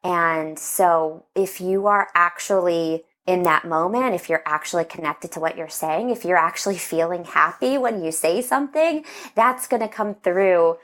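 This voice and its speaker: A woman's voice: fairly low pitch, normal speed, hardly any pauses, fairly bright tone. A woman guest on a podcast, a casting director who talks earnestly, laughs easily and says "like" a lot. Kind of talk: casual interview chat.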